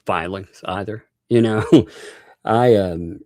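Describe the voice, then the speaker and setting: A man's voice: lowish voice, takes it slowly, darkish tone, dry recording, studio quality. A man hosting a live stream, chatting casually, laughing often and thanking viewers by name.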